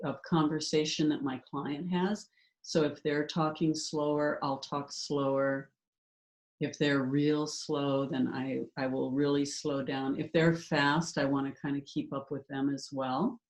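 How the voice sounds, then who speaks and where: A woman's voice: deep voice, darkish tone. Chatty woman teaching hypnotherapy. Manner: chatty, fast with many fillers and restarts. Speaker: hypnotherapy instructor. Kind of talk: casual online class talk.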